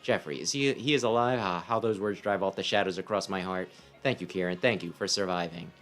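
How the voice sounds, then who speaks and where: A man voicing an earnest, soft-spoken young princess while reading a game aloud. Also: low voice, brisk, soft background music, pitched below the performer's own voice.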